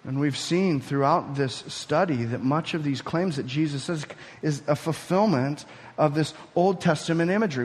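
A man's voice: fairly high pitch, fairly bright tone. A man preaching a sermon, teaching through a passage and building to emphatic peaks. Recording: reverberant hall.

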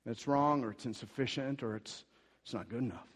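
A man's voice: medium pitch, brisk, slightly rough. A man preaching a sermon as pastor, emphatic and rising in force when he quotes scripture, often restarting and repeating words. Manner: emphatic, rises and gets louder when quoting scripture. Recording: long hall reverb.

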